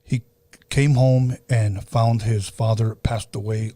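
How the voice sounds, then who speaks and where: Guy hosting a podcast, kinda husky and mellow, earnest, repeats himself a lot while telling a story. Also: lowish voice, fairly even intonation, slow pace. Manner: earnest, repeats himself, acts out quoted voices. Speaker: podcast host. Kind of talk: casual storytelling chat.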